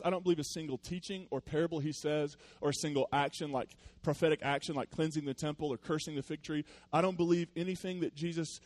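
A man preaching a sermon in a conversational, storytelling way with playful asides, moving between loud animated bursts and quiet earnest passages. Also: on the high side, dry recording. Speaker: pastor.

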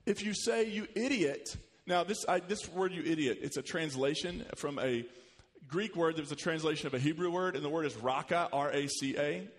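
A man preaching a sermon as pastor, animated, rising in pitch and volume when he quotes scripture. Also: fairly quick. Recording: long hall reverb.

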